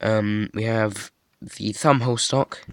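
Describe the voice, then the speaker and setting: A hobby builder shows off his model in a casual show-and-tell, rambling with lots of ums and self-deprecating asides. He has a lowish, husky voice, stuffy from a cold, and speaks slowly with fairly even intonation. The recording has no room sound.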